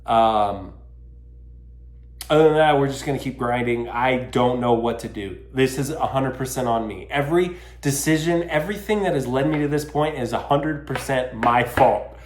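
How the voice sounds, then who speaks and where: A man's voice: mid-range voice, moderate pace, roomy sound. A man hosting a solo podcast, talking casually in an exasperated, self-mocking rant full of swearing. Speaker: podcast host.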